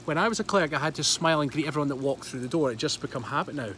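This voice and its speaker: A Scottish man in his thirties chats casually to his livestream viewers, laughing often and replying to their comments. His voice sits a little high, and he talks into a phone held at arm's length outdoors by a pool. Faint outdoor noise runs behind him. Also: very fast, fairly bright tone. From Scotland. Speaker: livestream host.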